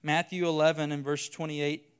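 Earnest preacher man, smooth voice. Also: fairly high pitch, level tone, normal speed. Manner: earnest, builds by repeating phrases. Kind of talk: sermon.

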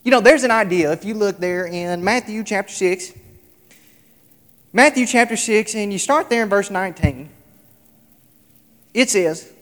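A man preaching a sermon, emphatic, repeating his lines and swinging between loud and soft. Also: high-pitched, a little slow, long pauses. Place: large hall, tonight service. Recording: echoey hall with long reverb.

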